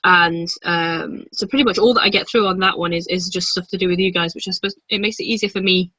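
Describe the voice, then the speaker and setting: A woman chatting casually as a guest, rambling with many pauses and fillers. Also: lowish voice, fairly even intonation, sharp tone, no room sound, dull audio. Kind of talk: casual chat.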